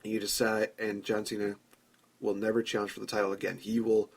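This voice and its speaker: A man's voice: lowish voice, flat delivery, fairly quick, vocal fry, husky. A man hosting a podcast, telling a long story in a chatty way and acting out imagined dialogue. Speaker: podcast host. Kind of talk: casual fantasy-booking commentary.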